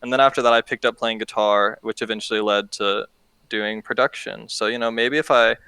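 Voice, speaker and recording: A young man guesting on a podcast, easygoing and full of slang. His voice is smooth and clean, held to a narrow, even pitch. The sound is dry and close to the mic. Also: brisk, no echo. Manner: laid-back, slangy, swears and laughs often. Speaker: music producer guest. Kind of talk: casual podcast chat.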